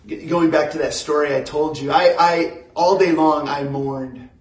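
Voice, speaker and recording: Slow, measured preaching man. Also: on the high side, fairly even intonation, echoey room, far from the mic, poor audio. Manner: slow, measured preaching with pauses and repeated phrases. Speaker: pastor. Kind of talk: sermon.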